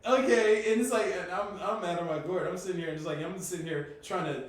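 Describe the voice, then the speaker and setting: Animated storytelling man, echoey far mic. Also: high-pitched, fairly quick. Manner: animated, swearing, voice rising to shouts at peaks. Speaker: podcast guest telling his story. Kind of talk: casual storytelling. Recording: echoey room, distant from mic, faint noise.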